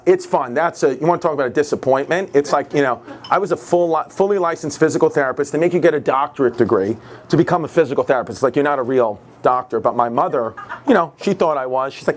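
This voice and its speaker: Excitable New man on a comedy stage. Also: fairly high pitch, a little hiss or hum. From New York. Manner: excitable, jumps into acted quotes, laughing audience. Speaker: stand-up comedian. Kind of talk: stand-up storytelling.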